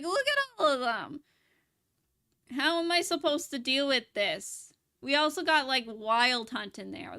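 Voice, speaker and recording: A woman's voice: fairly high pitch, sharp tone, clean tone. A woman VTuber chatting casually while gaming, giggling often and rambling with restarts. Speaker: VTuber streamer. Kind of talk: casual live-stream chat while gaming.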